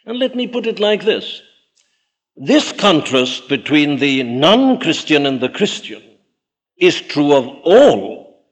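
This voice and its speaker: A man preaching a sermon, emphatic and deliberate, rising high and dropping low to stress his points. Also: very animated. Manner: emphatic, dramatic swings in pitch and loudness.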